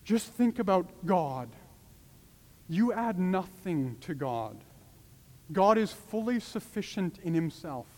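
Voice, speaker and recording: Guy preaching a sermon, high voice, pleads hard, long echo like a church hall. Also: very animated, slow pace, dark tone.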